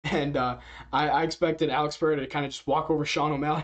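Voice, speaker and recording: A man's voice: fairly high pitch, fairly even intonation, a little fast. Rambling man reacting to fight clips. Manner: rambling, many fillers, chuckles often. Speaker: MMA reaction youtuber. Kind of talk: casual reaction commentary.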